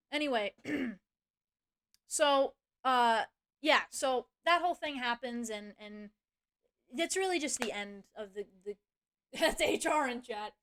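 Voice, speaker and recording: A woman's voice: on the high side, clean tone. A young woman streamer chatting casually, rambling through a story and swearing freely. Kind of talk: casual livestream chat.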